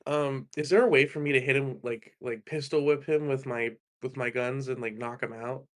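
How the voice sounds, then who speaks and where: A man at mid pitch chatting casually as a player in a tabletop game. He sounds tentative and asks a lot of questions. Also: fairly even intonation, normal speed.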